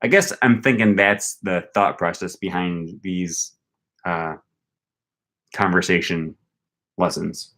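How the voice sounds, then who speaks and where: Slow-talking low-voiced young man. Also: steady tone, a bit bright. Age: young adult. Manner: thinks aloud, repeats foreign phrases slowly. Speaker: language learning vlogger. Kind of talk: casual commentary while using a language app.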